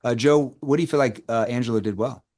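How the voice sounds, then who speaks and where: A man's voice: medium pitch, fast, darkish tone. A man running a live sales coaching session over a video call, who keeps quizzing the group with rhetorical questions. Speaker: sales trainer.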